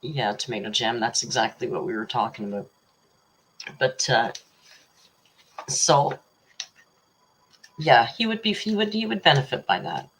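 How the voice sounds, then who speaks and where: A woman's voice: extremely low pitch, expressive, a little slow, pauses often, slight background noise. A woman hosting a casual livestream. She reads out viewers' super chats and rambles chattily, teasing and laughing often. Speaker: livestream host. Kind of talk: casual live chat reading super chats.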